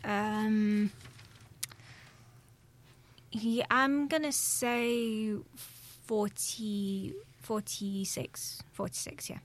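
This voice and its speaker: A woman's voice: mid-range voice, steady tone, extremely slow, pauses often, a little hiss or hum. A woman with a Scouse accent chatting casually in a group and telling self-mocking stories. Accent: Liverpool (Scouse).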